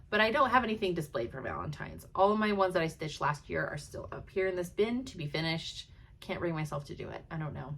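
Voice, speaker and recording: A woman's voice: mid-range voice, a bit bright. A young adult woman chatting casually to camera, gushing with frequent fillers and laughs mixed into her speech. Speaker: cross-stitch vlogger.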